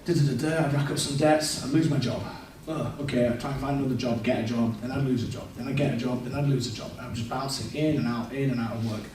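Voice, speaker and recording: Man, personal church testimony, candid storytelling, quotes his past self, booming echo, faint background hiss. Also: steady tone, fast talker, few pauses, darkish tone. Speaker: speaker giving a testimony. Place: large echoey church hall. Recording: echoey church hall, distant mic.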